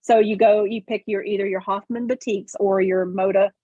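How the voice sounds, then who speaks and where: A woman chats on a video call, walking listeners through each step and leaning on fillers as she goes. Her voice sounds a little husky over a narrow, phone-like line in a dry room. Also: mid-range voice, fairly even intonation, normal speed, warm tone, no room sound. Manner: chatty, explains step by step with many fillers. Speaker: host. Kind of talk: casual livestream chat.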